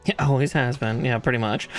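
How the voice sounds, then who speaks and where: Speaking at a medium pitch, this man assembles a model kit live on stream and keeps the talk relaxed. Between anecdotes he calls out part numbers, and laughter comes frequently.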